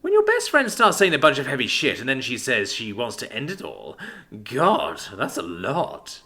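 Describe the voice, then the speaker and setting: A man's voice: mid-range voice, wildly swooping pitch, normal speed, pushed and bright, full character voice. A man voicing a blunt, aggressive young man in a narrated story, who swears freely and swings between menace and worry. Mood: earnest.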